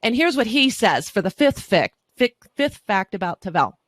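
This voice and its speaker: A woman's voice: mid-range voice, sing-song, moderate pace, no room sound, clean studio sound. Chatty enthusiastic woman explaining wine. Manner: enthusiastic and chatty, with frequent restarts. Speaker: wine expert guest. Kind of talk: conversational podcast explanation.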